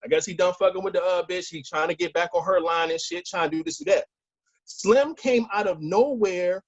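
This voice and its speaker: A man with a fairly high, husky voice tells a story in loose, casual talk. He acts out each phone call as he goes. The audio is dry and dull, like a lo-fi podcast. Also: brisk, dry recording. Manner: animated storyteller acting out phone calls. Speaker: podcast co-host.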